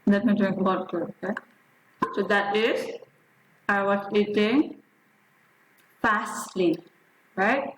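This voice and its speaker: Slow, deliberate woman teaching young pupils. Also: medium pitch, steady tone, reverberant, poor audio. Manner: slow, deliberate teacher talk, often checking with "right?". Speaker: primary school science teacher. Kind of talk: online class lesson to young pupils.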